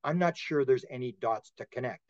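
A man's voice: mid-range voice, a little fast, dry recording. Rambling man telling stories, dull audio. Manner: rambling storyteller with frequent restarts. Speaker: podcast guest, author. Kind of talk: casual interview talk.

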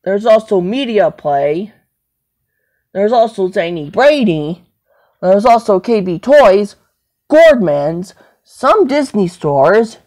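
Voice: mid-range voice, very animated, slow, darkish tone. A person rambling to themselves on a home video, repeating and listing things over and over. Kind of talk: rambling self-talk monologue.

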